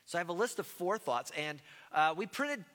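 Bright-voiced man preaching in a reverberant hall. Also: high voice, normal speed. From United States. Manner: conversational, self-deprecating, animated asides. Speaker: pastor. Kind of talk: sermon.

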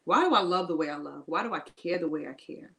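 A woman's voice: lowish voice, animated, quick pace, gravelly, bright, forceful tone, rough recording. A woman co-hosting a faith-based podcast, giving emphatic encouragement in casual talk and repeating her key phrases. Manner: informal, casual grammar. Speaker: podcast co-host.

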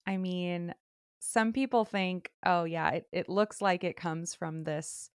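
Low gravelly young woman co-host. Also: steady tone, takes it slowly, no echo, clean studio sound. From Southern California. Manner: rambling, hesitant, restarts and fillers. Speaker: podcast co-host. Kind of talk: casual podcast chat.

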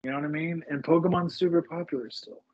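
A man's voice: a little high, steady tone, fast talker, darkish tone, breathy edge. A man co-hosting a podcast, chatting casually in a rambling, hesitant way that repeats its starts, on a muffled lo-fi recording. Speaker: podcast co-host. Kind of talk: casual chat.

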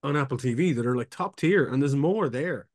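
A man's voice: mid-range voice, lively intonation, a little fast, a little mellow. A man co-hosting a podcast in casual chat, rambling and hesitant as he talks. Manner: rambling, hesitant, many fillers and restarts. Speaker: podcast co-host.

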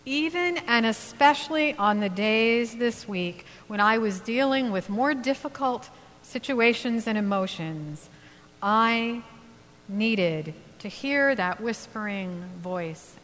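Slow reflective woman preaching in a hall. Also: medium pitch, animated. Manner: slow, reflective, with gentle pauses. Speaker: minister. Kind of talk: sermon. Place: church sanctuary. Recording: long hall reverb, faint hum.

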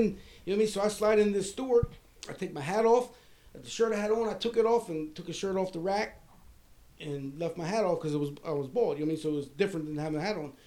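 A man from Maryland telling a crude, rambling personal anecdote in casual chat, animated and often laughing as he goes. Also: high-pitched, a little hiss or hum. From Maryland, USA. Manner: animated, crude, laughs through his story. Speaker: storyteller.

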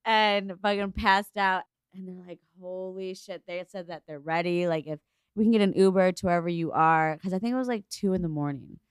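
Young woman, podcast co-host, animated storyteller; lowish, smooth voice, dry close sound. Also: fairly quick, no room sound. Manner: animated storyteller, acts out quotes with big pitch jumps, swears freely. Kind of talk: casual chat.

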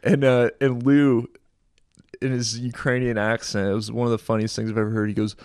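A man, a military veteran, recalling combat in a relaxed, chatty podcast conversation. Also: mid-range voice, fairly quick, smooth, no echo, studio quality. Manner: relaxed, chatty retelling with friendly asides. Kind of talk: casual storytelling conversation.

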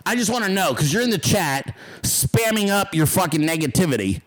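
High-pitched sarcastic ranting man. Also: lively intonation, brisk, low-quality recording. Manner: sarcastic, mocking, ranting at chat. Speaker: livestream host. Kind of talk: profane livestream rant.

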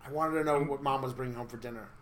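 A man's voice: medium pitch, racing, a bit bright. A man co-hosting a podcast, chatting casually with a teasing, playful manner. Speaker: podcast co-host. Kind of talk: casual chat.

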